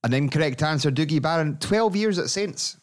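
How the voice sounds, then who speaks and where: A man's voice: on the high side, animated, brisk. A Scottish man co-hosting a casual podcast, joking and laughing as he talks. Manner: jokey, laughing between lines. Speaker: podcast co-host.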